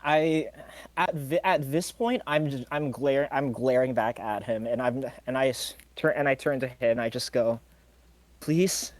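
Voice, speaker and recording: A man's voice: mid-range voice, moderate pace, no room sound. A man playing a tabletop game, restarting his sentences and swearing often. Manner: stammering restarts, frequent swearing. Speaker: player.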